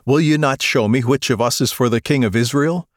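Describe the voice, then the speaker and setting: A man's voice: mid-range voice, lively intonation, moderate pace, dry recording, studio quality, natural voice. A man reading the lines of a troubled, demanding warrior king in a scripture reading, with a raised, urgent delivery.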